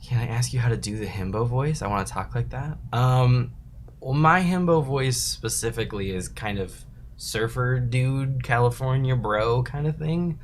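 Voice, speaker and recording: A man's voice: medium pitch, moderate pace, slight background noise. A young man hosting a casual livestream, reading chat messages aloud and answering them in a rambling, laid-back way, laughing often.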